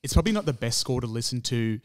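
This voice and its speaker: A man's voice: medium pitch, expressive, fast. A man, co-hosting a podcast and reviewing a film in casual, rambling chat. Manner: rambling, restarts, laughs at himself. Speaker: podcast co-host.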